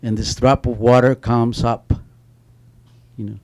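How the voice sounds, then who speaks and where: On an author panel, a middle-aged man launches into lively anecdotes, frequently starting over and leaning on a repeated "you know." He speaks in a mid-range, slightly mellow voice, flat in delivery and measured in pace.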